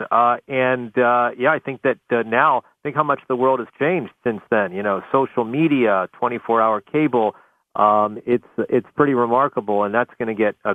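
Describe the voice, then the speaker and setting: News correspondent guy phoning in, measured, lots of uhs, tinny dry line. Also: medium pitch, no echo. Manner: measured, thorough, with frequent uhs. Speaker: White House correspondent. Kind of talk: live news report by phone on talk radio. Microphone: telephone. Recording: phone line.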